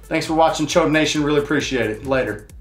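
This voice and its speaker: A man's voice: fairly high pitch, quick pace, roomy sound, soft background music. Profane man ranting to camera. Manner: profane, heated storytelling. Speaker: show host. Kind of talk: casual ranting monologue.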